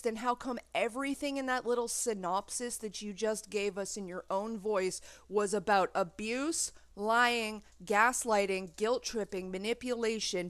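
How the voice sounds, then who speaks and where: A woman's voice: medium pitch, no room sound. Profane, ranting woman reacting to a video. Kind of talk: casual reaction commentary.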